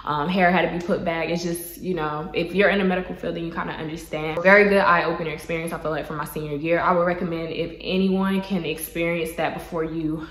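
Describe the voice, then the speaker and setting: A young woman talks through a personal story in a chatty vlog style, sprinkling "like" and "y'all" throughout. Her voice sits a little low and she sounds close to tears. The sound is roomy, with an echo around her. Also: steady tone, a little fast, hardly any pauses, a bit bright. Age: young adult. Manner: chatty, heavy use of "like" and "y'all". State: tearful, holding back crying. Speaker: vlogger.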